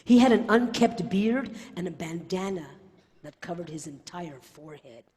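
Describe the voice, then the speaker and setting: A woman from South Texas giving a contest speech as a playful, animated storyteller over a video call. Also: fairly low pitch, normal speed, long reverb tail. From South Texas, USA. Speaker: contest speaker. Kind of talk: competition speech.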